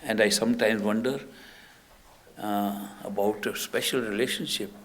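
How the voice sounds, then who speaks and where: A man's voice: on the low side, steady tone, moderate pace, fairly bright tone. An older man, giving a spiritual talk and telling stories in an anecdotal, emphatic way. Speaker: spiritual teacher.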